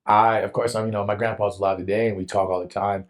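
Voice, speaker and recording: Young man, low pitch, earnest, animated storytelling, casual slang. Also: fast. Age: young adult. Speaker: guest telling his testimony. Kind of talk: emotional personal testimony.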